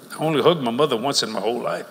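In a large meeting hall, an older man with a Louisiana accent races through a humorous sermon, a drawling, folksy storyteller full of jokes. His mid-range voice is fairly bright with vocal fry. The reverberant recording has faint ambience plus a little hiss or hum.

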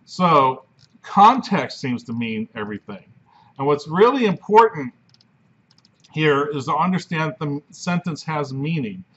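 A philosophy professor lecturing in a conversational way, often checking in with "right?". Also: male voice, a little high, lively intonation, a little slow, fairly bright tone, slightly rough. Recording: dull lo-fi recording.

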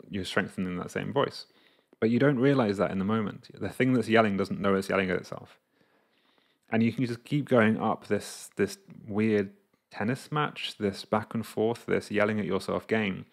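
In a casual monologue to camera, a coach explains a concept through his own experiences and plays out his inner voices. He speaks at a moderate pace in a lowish voice with vocal fry.

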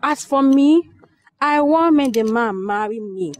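A woman's voice: high-pitched, expressive, measured pace, dry recording. An actress playing a feisty young village woman with a Nigerian Pidgin accent, mocking and defiant. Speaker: village girl.

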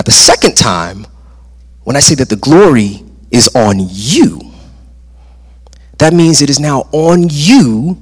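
A male preacher delivers a sermon from the stage with an emphatic, rhythmic style, repeating phrases for effect. His voice is lively in pitch and slightly husky. The sound carries the long reverb of a large church sanctuary.

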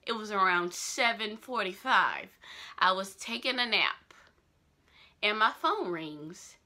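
A young woman from Georgia, chatting excitedly in her fan news vlog and repeating herself as she gushes. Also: medium pitch. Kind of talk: casual vlog chat.

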